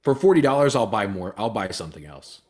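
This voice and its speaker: A man with a fairly low voice tells a relaxed anecdote in casual conversation. He talks loosely, as if among friends. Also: fast. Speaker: whiskey show contestant. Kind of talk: casual chat.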